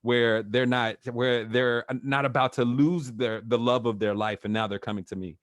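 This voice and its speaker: Over a video call, a man appearing as a guest, an NLP trainer and coach, talks casually and chattily, using filler words and laughing often. His mid-range voice is steady at a moderate pace, with no room sound.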